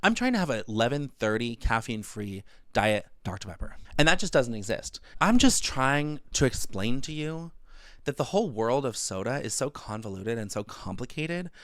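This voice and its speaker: A man in his twenties delivering a profane, animated comedic rant monologue. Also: mid-range voice, normal speed, no echo, clean studio sound. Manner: animated, profane, exaggerated outbursts.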